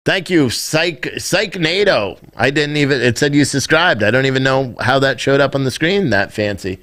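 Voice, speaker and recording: A man's voice: mid-range voice, fairly bright tone. A man in his thirties hosting a live stream, rambling and swearing as he reads chat. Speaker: live streamer, news show host. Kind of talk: casual live-stream commentary.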